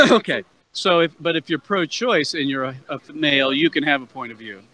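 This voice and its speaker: A man with a bright, somewhat high voice leads a street debate outdoors on a campus plaza. He asks persistent, probing questions and trips over repeated words as he pushes his point. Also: moderate pace, rough recording. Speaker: anti-abortion street activist interviewer.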